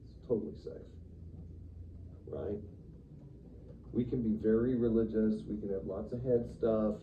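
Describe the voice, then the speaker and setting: A man teaching a church Sunday school class in a lively, conversational way, acting out the quotes he reads. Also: on the low side, measured pace. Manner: animated, conversational, acts out quotes with sudden loud bursts. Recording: distant, dull room recording with faint noise.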